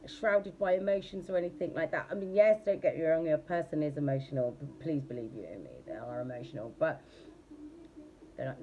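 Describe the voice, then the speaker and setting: A woman's voice: sits low, sing-song, fairly quick, mellow, a little hiss or hum. A woman giving a casual tarot reading. She talks bluntly and chattily, and she swears freely. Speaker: tarot reader.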